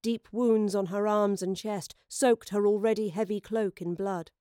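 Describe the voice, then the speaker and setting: A woman narrating an audio drama in a measured, dramatic storytelling manner. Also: mid-range voice, steady tone, dark tone, no room sound, studio quality.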